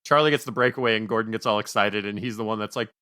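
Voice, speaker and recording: A man's voice: on the low side, very fast, bright, forceful tone, smooth. A man co-hosting a film podcast, talking casually and rambling with self-mocking jokes. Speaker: podcast co-host. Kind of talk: casual film review chat.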